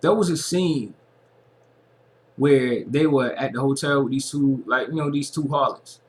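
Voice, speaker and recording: A man's voice: mid-range voice, measured pace. A man giving an earnest, casual personal monologue as a vlogger, and he repeats phrases for emphasis.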